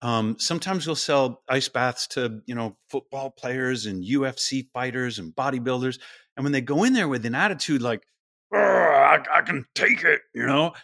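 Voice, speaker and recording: A middle-aged man, a podcast guest, explaining things in a lively interview style and now and then acting out quoted voices. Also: mid-range voice, dry recording, studio quality.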